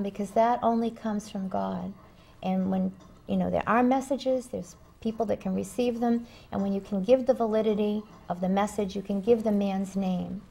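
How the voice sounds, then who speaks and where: Gravelly-voiced woman medium, earnest. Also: mid-range voice, mellow. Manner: earnest, storytelling, emphatic pauses. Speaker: spiritual medium. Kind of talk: interview conversation.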